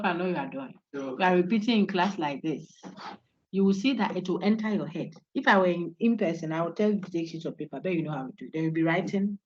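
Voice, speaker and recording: A woman's voice: on the low side, darkish tone, slight background noise. A woman giving an online university philosophy lecture, coaching students to repeat names after her. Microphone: video call. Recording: dull lo-fi online call audio.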